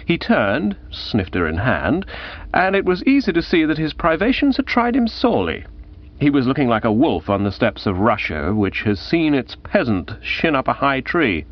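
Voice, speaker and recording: A man narrating a first-person comic novel in a lively, arch storytelling manner. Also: moderate pace. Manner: lively, arch storytelling with wide pitch swings. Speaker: audiobook narrator. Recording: dull lo-fi audiobook recording.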